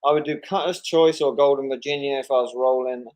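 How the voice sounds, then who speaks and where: A man's voice: medium pitch, steady tone, fairly quick, darkish tone. A man co-hosting a casual comics chat over a video call, laid-back and hesitant, with frequent fillers. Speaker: co-host reading viewer questions.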